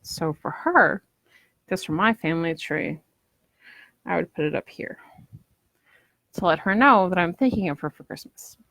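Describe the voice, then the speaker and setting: A woman's voice: lowish voice, lively intonation, moderate pace, gravelly, long pauses, a bit bright, no room sound. A woman crafter chatting casually through a live demo at home, rambling and acting out what customers might say. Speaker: polymer clay crafter selling ornaments.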